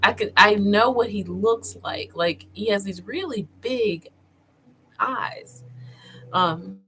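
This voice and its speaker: A woman vlogger talking casually as she browses online, thinking aloud with many pauses and fillers, and speaking directly to her viewers. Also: medium pitch, pushed and bright, a little hiss or hum, poor audio. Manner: addresses viewers informally.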